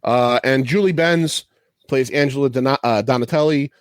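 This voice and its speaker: A man's voice: medium pitch, moderate pace, clean tone, no room sound, clean studio sound. A man hosting a podcast, talking casually and profanely, rambling through trivia and laughing often. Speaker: podcast host.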